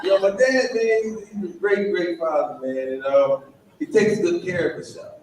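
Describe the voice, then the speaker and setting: A man performing a stand-up comedy set on stage, swearing, laughing and shouting his punchlines. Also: high-pitched, normal speed, slight background noise. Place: live comedy venue on stage. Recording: echoey venue mic from far off with loud crowd ambience. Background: loud audience ambience.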